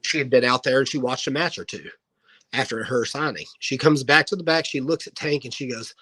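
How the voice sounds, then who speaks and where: Bright-voiced man telling wrestling stories. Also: mid-range voice, brisk, poor audio. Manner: animated anecdote-telling, acting out quoted dialogue. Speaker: guest, professional wrestler. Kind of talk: casual storytelling in an interview.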